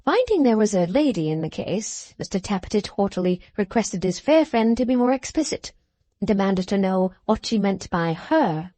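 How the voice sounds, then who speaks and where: A woman narrates a classic novel in a measured, steady audiobook reading, at a mid pitch. The recording is close and dry, with no room sound. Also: no echo.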